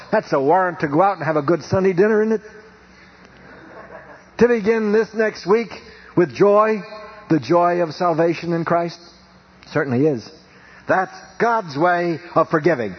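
Husky preacher on an old broadcast. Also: male voice. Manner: emphatic, rhythmic preaching with wide swings in pitch and volume. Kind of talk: sermon. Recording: dull lo-fi radio broadcast.

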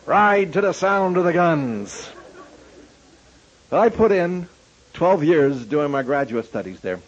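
A man preaching, telling a story animatedly and acting out the dialogue in a husky voice. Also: on the high side, sing-song, slow pace. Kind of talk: sermon storytelling. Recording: dull lo-fi recording.

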